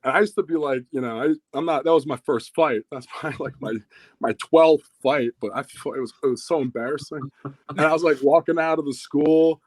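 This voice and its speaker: Fairly quick and recorded without room sound, a man in his thirties guests on a podcast and tells a story full of swearing in casual chat. His storytelling is animated and profane, rising in loudness and pitch when he gets excited.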